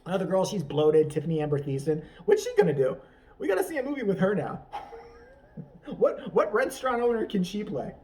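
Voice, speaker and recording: A man's voice: high voice, animated, fairly quick, warm tone, far from the mic. A man riffing through an improvised, profane comedy rant, rambling and laughing at his own jokes. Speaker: comedy vlogger.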